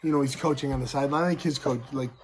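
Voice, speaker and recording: A man's voice: mid-range voice, steady tone, racing. A man in his thirties with a scratchy throat, casually telling fight stories to camera and punctuating them with sound effects. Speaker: show host and pro fighter.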